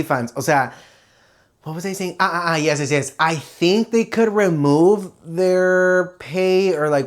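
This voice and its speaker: A bilingual vlogger host with a medium-pitched voice tells stories in a casual chat, switching between Spanish and English. She's animated and expressive, even imitating ringing sounds.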